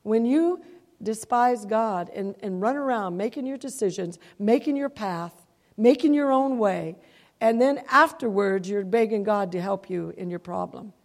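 A woman's voice: mid-range voice, measured pace, big-room sound. A woman preaching a sermon, emotional and heartfelt, often calling out "Amen?" to the congregation. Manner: emotional, calls out "Amen?" to the crowd.

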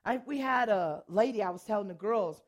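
An older woman pastor and worship leader, preaching in a storytelling way, animated and often laughing as she tells a personal story. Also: medium pitch, fairly quick. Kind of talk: sermon storytelling.

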